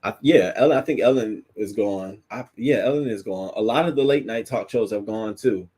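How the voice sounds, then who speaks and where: A man's voice: lowish voice, normal speed, warm tone, husky. A man hosting a casual commentary show, chatting in a loose, profane way at his desk mic. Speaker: host.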